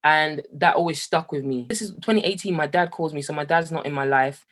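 A young man from Jamaica, telling his personal story as an interview guest, animated and laughing often. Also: a little high, brisk. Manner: animated, laughs often, voice rises when excited. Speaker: guest, musician.

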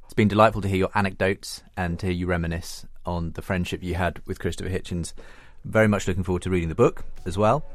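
Male host, very low voice, courteous, gracious sign-off. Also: fairly even intonation, fast talker, hardly any pauses, no echo. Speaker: interview host. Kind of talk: closing an interview.

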